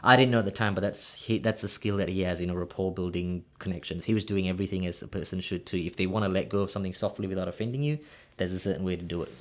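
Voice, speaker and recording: Man, rapid speech, lowish voice, animated storytelling, acts out dialogue. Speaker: guest, real estate coach. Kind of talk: casual storytelling in an interview.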